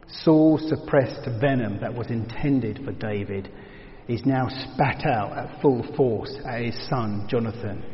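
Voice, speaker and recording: A man teaching verse by verse through a Bible passage, reflective and explanatory, often dropping to a hushed tone for emphasis. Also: mid-range voice, measured pace. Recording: dull reverberant hall sound.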